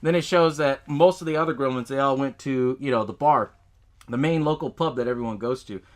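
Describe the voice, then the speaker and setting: A man's voice: medium pitch, brisk. A man hosting a podcast, casually retelling a film's plot, swearing often and laughing along. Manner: laid-back, swears a lot, laughs often, acts out movie lines. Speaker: podcast host. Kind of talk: casual movie recap.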